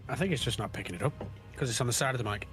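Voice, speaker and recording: A man's voice: medium pitch, rapid-fire, over music. A man on a voice call, talking in a rambling, joking way about his setup through a directional desk mic. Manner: rambling, jokey, self-mocking. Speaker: friend on a voice call. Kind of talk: casual livestream chat. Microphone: directional desk mic over voice chat.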